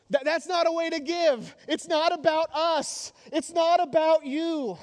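A male pastor preaching a sermon in a church, animated, joking and emphatic. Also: very high voice, measured pace, few pauses. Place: church sanctuary. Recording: long hall reverb.

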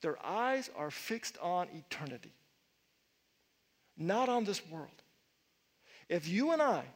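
A middle-aged male pastor preaching a sermon, telling stories with animated swings and sudden loud outbursts. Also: high voice. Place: church sanctuary with long reverb. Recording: reverberant church hall.

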